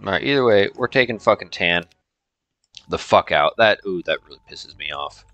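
A man hosting a gameplay video, his voice bright and cutting, jumping across a wide pitch range as he curses at the game. He sounds a little tipsy and quick to lose his temper. Faint game music plays behind him. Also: no room sound, dull audio. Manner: profane, excitable outbursts. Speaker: let's-play host. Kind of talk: casual gameplay commentary.

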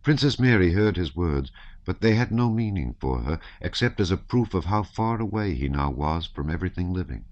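A man narrating a classic novel as an audiobook in a measured, even reading. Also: low-pitched. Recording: slightly dull, dry recording.

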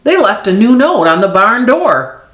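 A woman's voice: mid-range voice, very animated, unhurried, fairly bright tone. A woman reading a children's picture book aloud expressively, voicing animal sound effects. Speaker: storyteller. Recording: echoey room.

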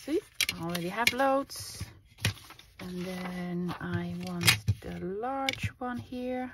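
Speaking slowly in a lowish voice, a woman assembles a collage for her craft vlog. She chats casually to her viewers and to herself with plenty of laughter, and the recording is clear, with background noise and clicks.

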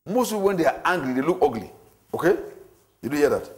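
A man with a fairly high voice leads a church marriage class. He lectures in an animated way, repeating points and acting out everyday situations for his listeners. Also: fast. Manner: repetitive, animated, acts out scenarios.

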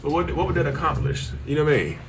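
A man's voice: on the high side, lively intonation, racing, vocal fry, background noise. A man hosting a casual live stream, answering viewers bluntly and joking with them. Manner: blunt, joking, teasing, colloquial, talks straight to viewers as "y'all".

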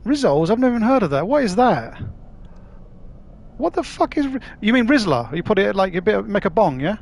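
A man's voice: sits high, animated, quick pace, vocal fry. A man from London with a Cockney accent, chatting casually with viewers while live-streaming a game, matey and swearing freely. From London, England. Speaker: gaming livestreamer.

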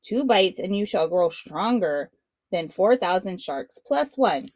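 A clever young trickster boy, loud and boastful, voiced by a woman reading a storybook. The recording is dry and close. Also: lowish voice, expressive, unhurried, no room sound. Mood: sly.

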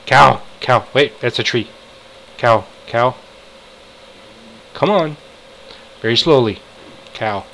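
A man talking through his own game session in an unhurried, drawn-out way, mostly muttering to himself. He breaks into frustrated outbursts and excited shouts as things go wrong or right. A faint hum sits under the voice. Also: medium pitch, vocal fry, low-quality recording. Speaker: gamer. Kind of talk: casual gameplay commentary.

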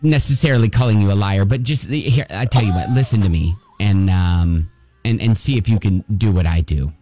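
A man's voice: on the low side, fairly quick, dark tone, soft background music, natural voice. A man putting on a haughty male head of a French department on a prank call, with a condescending, stammering manner. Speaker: prank caller.

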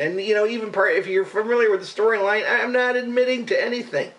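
A man on a loose, profane rant, rambling through his story in an exasperated tone. His voice sits a little high for a man, and he sounds slightly away from the mic. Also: fast, a bit bright, far from the mic, poor audio. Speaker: radio show regular and vlogger. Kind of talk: casual profane rant to camera.

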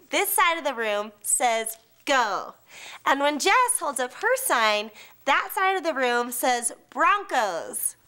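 A woman's voice: high voice, bright, forceful tone. A woman cheerleader presenting to a school, asking students questions and leading a cheer. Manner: slow, upbeat, leads call-and-response cheers.

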